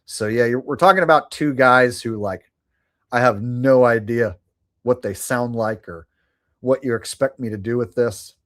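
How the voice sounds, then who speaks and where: Man, livestream host, casual rambling chat, laughs, swears, slow pace. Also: medium pitch, fairly bright tone.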